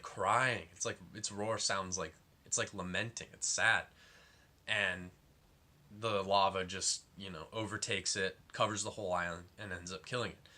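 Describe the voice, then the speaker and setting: Low, forceful young man ranting. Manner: rambling, lots of "like" fillers, exasperated. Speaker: film reviewer. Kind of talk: casual film review.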